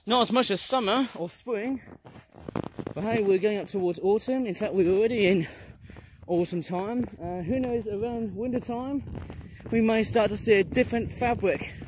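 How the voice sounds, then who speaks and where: High-voiced man vlogging outdoors. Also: normal speed, a little hiss or hum, rough recording. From Malaysia. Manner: rambling, exclaims at passing trains and planes. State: out of breath. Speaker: plane spotting vlogger. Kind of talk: casual outdoor vlog narration. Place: outdoors near a railway and airfield. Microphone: handheld camera.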